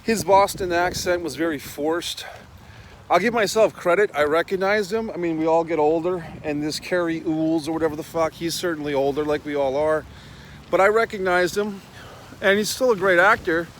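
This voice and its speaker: A man's voice: on the high side, normal speed, a little hiss or hum, low-quality recording. A middle-aged man hosting a casual, profane rant while walking outdoors. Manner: blunt, profane, rambling. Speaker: host.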